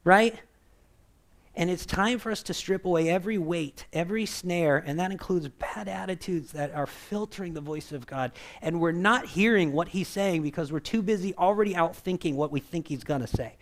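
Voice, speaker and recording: A man delivering a sermon in a relaxed, conversational tone, his voice sitting a little above the usual pitch for a man. He keeps checking in with his listeners by asking "right?" and slips into the voices he quotes, changing his pitch and loudness as he does. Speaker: preacher.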